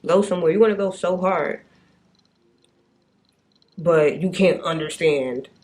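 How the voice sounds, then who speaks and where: A woman's voice: lowish voice, measured pace, a little mellow. Exasperated young woman ranting to camera. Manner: exasperated, blunt, swears a lot. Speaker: vlogger. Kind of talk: casual vlog rant.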